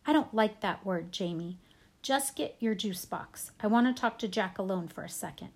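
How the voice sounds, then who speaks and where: A woman's voice: medium pitch, expressive, moderate pace. A woman voicing a firm, lecturing mother of two boys in a storybook reading. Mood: stern. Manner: stern, lecturing.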